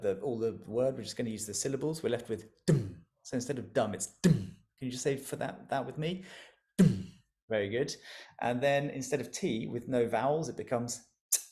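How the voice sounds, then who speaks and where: A man in a mid-range voice leads an interactive music lesson over a video call. He is warmly encouraging and playful, coaxing listeners to repeat sounds and actions after him. He breaks into easy laughter between instructions. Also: medium pitch. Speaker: music educator leading an online workshop.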